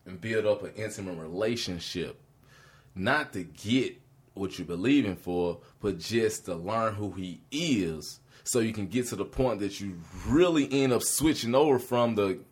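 A man co-hosting a casual faith talk, animated and often laughing as he preaches. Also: lowish voice.

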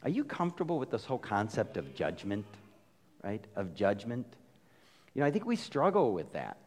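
A man preaching a sermon as a pastor, casual and conversational, with lively asides as he retells a story. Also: lowish voice, normal speed, slightly rough. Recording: long reverb of a large hall.

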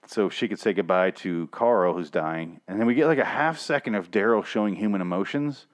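Young male recapper, lowish voice, rambling sarcastic delivery with lots of swearing. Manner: rambling, sarcastic, swears often, mocks characters in quick put-on voices. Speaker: TV episode recapper. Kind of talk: casual profane episode recap.

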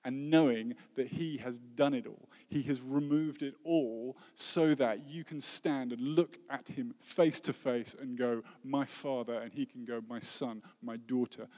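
A man, a worship leader giving an earnest, heartfelt sermon that often drops to a soft voice. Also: medium pitch. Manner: earnest, heartfelt preaching with soft dropping phrases. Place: church hall. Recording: long reverb of a hall.

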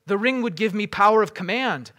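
A proud, desperate warrior hungry for power, read aloud by a man, with a bright, forceful voice pitched high and rising to furious shouts. He pushes every line with insistence. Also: expressive, brisk. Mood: proud insistent. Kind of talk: dramatic reading aloud.

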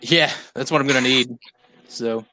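Bright-voiced man rambling with fillers. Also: mid-range voice, normal speed, no room sound. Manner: laughing, rambling, with many fillers. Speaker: podcast host. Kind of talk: casual chat.

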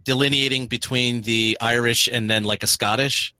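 A man co-hosting a casual interview, telling stories in an animated way and acting out what he and others said. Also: mid-range voice, normal speed. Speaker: podcast co-host.

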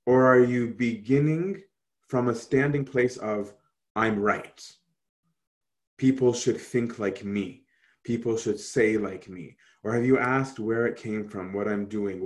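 A man teaching an Orthodox Christian class over a video call, talking casually and asking many rhetorical questions. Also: mid-range voice.

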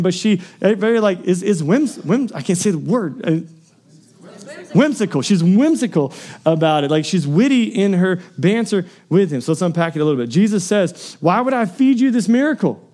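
A man's voice: high voice, a little mellow. A young man preaching a conversational sermon in a casual, emphatic way, peppering his talk with "man" and "dude".

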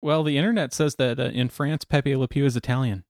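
A man hosting a podcast in casual chat, laid-back and quick to laugh. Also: mid-range voice, steady tone, darkish tone, dry recording, clean studio sound. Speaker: podcast host.

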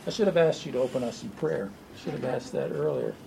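A man preaching an informal sermon to a small group, animated and joking. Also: medium pitch, fast talker, vocal fry, a little hiss or hum, low-quality recording. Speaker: pastor.

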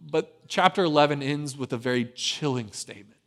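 A man delivers a sermon as a storyteller, with a voice pitched a little on the high side. He punches key phrases with energy and then sinks into quiet, low, intimate stretches. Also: a little fast, gravelly. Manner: swings between lively emphasis and hushed low delivery. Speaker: pastor. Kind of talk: sermon retelling a scripture story.

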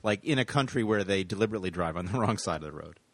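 A man's voice: low-pitched, expressive, very fast, dry recording. A man hosting a podcast in casual chat, teasing and playful, rambling with fillers. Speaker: podcast host.

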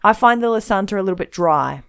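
A woman's voice: medium pitch, lively intonation, fast, vocal fry, clear, resonant tone. A woman co-hosting a casual chat, with a playful, teasing manner. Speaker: co-host.

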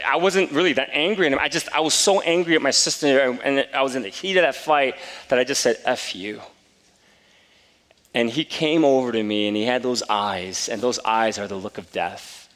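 A man's voice: mid-range voice, fairly bright tone. Guy pastor preaching, personal story, voice ringing round a big hall. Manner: personal, confessional storytelling with quoted dialogue. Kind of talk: sermon storytelling. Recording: long reverb of a large room.

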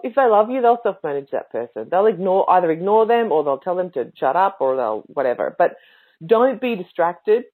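Emphatic woman coaching, tinny sound. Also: mid-range voice. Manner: emphatic, animated, with expressive inflections. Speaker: podcast host and coach. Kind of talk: casual teaching talk. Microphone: livestream mic.

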